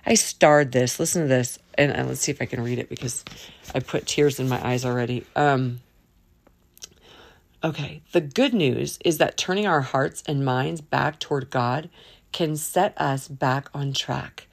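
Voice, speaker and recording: Gravelly-voiced woman hosting a faith podcast. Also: very deep voice, measured pace, no echo. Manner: chatty, jumps between topics, colloquial. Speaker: podcast host. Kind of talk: casual faith podcast monologue.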